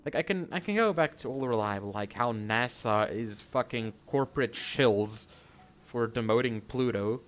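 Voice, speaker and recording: A man's voice: mid-range voice, moderate pace. A man streaming a video game, ranting heatedly and swearing freely. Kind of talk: casual game livestream chat.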